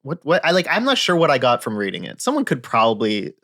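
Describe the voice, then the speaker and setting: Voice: medium pitch, huge pitch swings, fast, fairly bright tone, dry recording, clean studio sound. A young podcast co-host in casual comedic chat, giggly and sarcastic, reading reviews aloud.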